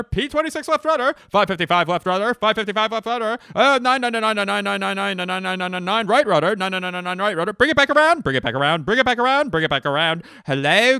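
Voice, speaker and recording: A man shouting as a frantic warship crew. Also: high-pitched, clean tone, no room sound, clean studio sound, voice pushed up, full character voice. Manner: shouted, rapid repeated commands.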